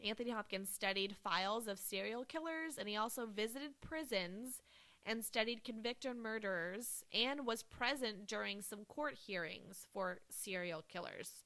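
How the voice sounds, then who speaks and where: A woman co-hosts a casual film podcast with a bright, forward voice. She talks with gushing enthusiasm, leaning on "like" and "um" as she goes. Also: mid-range voice, animated, a little slow. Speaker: podcast co-host. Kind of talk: casual movie podcast chat.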